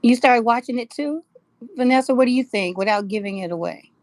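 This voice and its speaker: A woman's voice: a little high, a little fast, no echo. Chatty woman hosting a live stream. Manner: chatty, greets viewers by name, laughs often. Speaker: live-stream host of a jewelry shop. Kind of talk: casual live-stream chat with viewers.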